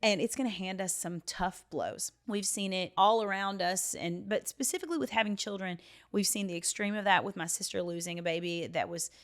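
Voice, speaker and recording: A woman's voice: medium pitch, a little fast. Earnest woman in her thirties, podcast host. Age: 30s. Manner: earnest, emotional, with frequent fillers and hushed quoted asides. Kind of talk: personal storytelling monologue.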